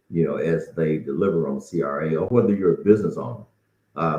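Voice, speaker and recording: A middle-aged man with an extremely low, dark-toned voice hosts a casual solo podcast, sounding folksy and encouraging but slightly out of breath. He restarts his sentences often. The recording is roomy, dull and lo-fi.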